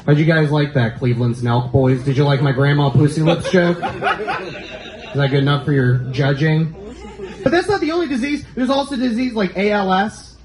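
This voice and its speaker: A man's voice: moderate pace, roomy sound, a crowd in the background, low-quality recording. A man doing a crude, brash stand-up set in a comedy club. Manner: brash, crude punchlines, jumps between high and low pitch. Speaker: stand-up comic.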